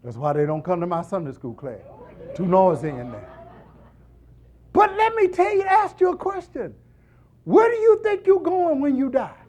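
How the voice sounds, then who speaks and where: A man preaching a sermon, shouting at the peaks and speaking directly to the congregation. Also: very high-pitched, normal speed, long pauses. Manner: animated call-and-response preaching, shouting at peaks.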